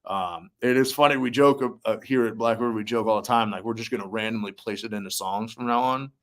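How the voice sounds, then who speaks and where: A man's voice: lowish voice, fast talker. A young man, a musician and army veteran, telling stories casually in an interview, acting out quotes between many fillers. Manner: animated storyteller, acts out quotes, many fillers.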